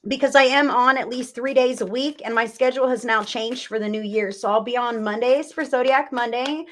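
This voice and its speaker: A woman hosting a live psychic reading stream, talking to viewers in a warm, soothing, reassuring way and often repeating herself. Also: a little high, a little fast. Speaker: psychic medium livestream host.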